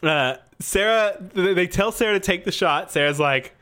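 A man recaps a show with lots of energy, cursing casually and breaking into laughs. His voice sits fairly high, swings widely in pitch, and has a bright, sharp tone. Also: moderate pace, clean tone. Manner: animated, swears freely, laughs a lot. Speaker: podcast co-host. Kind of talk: casual recap chat about an anime.

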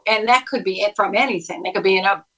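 Bright-voiced woman psychologist explaining. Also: mid-range voice, quick pace, rough recording. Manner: instructive, quizzes the listener, acts out quoted lines. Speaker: clinical psychologist guest. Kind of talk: interview explanation.

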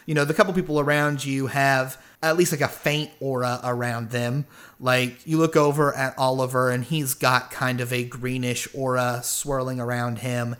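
A man's voice: medium pitch, fairly even intonation, normal speed, a bit bright. Casual man narrating as game master. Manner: loose, hesitant narration with many fillers.

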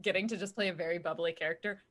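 A woman player in a tabletop game chatting casually, bubbly and quick to laugh. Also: on the low side, steady tone, crowd noise.

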